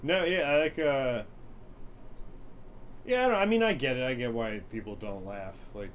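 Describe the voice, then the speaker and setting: A man's voice: mid-range voice, expressive, moderate pace. A young comedian from New Jersey chats casually as a podcast guest. He rambles through stories, jumps into the voices of the people he quotes, and laughs a lot. A faint hiss sits under the recording. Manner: chatty storytelling, acts out quotes, laughs often. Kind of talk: casual interview chat.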